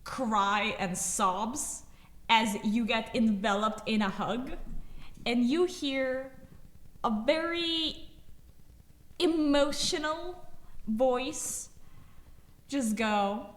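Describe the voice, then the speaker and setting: Slow-talking woman game master. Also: fairly high pitch. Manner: slow, dramatic scene-setting. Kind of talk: narrating a tabletop game. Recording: echoey room.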